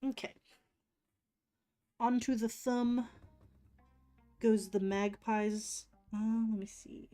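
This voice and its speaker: A woman's voice: a little high, fairly even intonation, takes it slowly, long pauses, dark tone, soft background music. A woman chatting casually on a live stream while doing nail art, laughing often and teasing herself.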